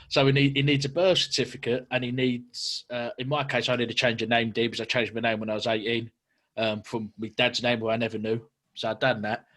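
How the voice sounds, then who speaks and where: A man hosts a relaxed podcast chat over a video call. He tells stories in a chatty, slangy way, laughing often, at an ordinary middling pitch. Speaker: podcast host. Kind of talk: casual chat.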